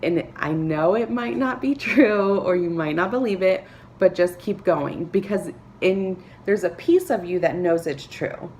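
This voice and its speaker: A woman talking to camera, giving earnest, encouraging advice with soft laughs and filler words. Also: fairly low pitch, measured pace, a little hiss or hum. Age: adult, a parent. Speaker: vlogger. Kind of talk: motivational talk to camera.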